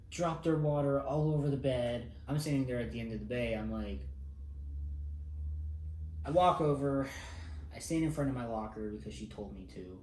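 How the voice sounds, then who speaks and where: A man's voice: mid-range voice, a little mellow, slight background noise. A young man casually recounting a personal story, laid-back and self-mocking, swearing freely. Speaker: vlogger. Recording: roomy echo.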